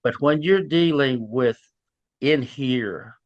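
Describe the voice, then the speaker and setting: An older police sergeant, telling folksy stories in an interview and acting out both sides of past conversations. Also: male voice, medium pitch, slow pace, highs cut off. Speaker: police sergeant and child abuse investigator. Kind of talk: storytelling in an interview.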